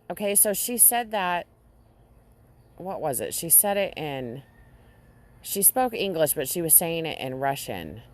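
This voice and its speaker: A woman vlogger casually recounting a dream to her audience, halting often and restarting her sentences. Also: on the low side. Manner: halting, with frequent restarts and fillers. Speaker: Christian vlogger.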